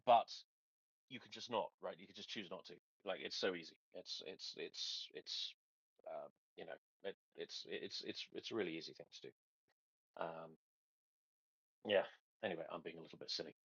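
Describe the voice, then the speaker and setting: Deep-voiced man, dry sarcasm. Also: husky, dry recording, lo-fi sound. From England. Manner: dry sarcastic humor, halting. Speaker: podcast host. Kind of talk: casual geopolitical chat.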